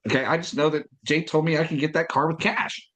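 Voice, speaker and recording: A man coaches listeners on sales with emphatic conviction, repeating his key lines for weight. His voice sits a little on the high side. He slips into quick acted-out dialogue from his past. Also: fairly even intonation, fairly bright tone. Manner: emphatic, repeats points, acts out past conversations. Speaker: podcast host and business coach. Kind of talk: motivational talk on sales.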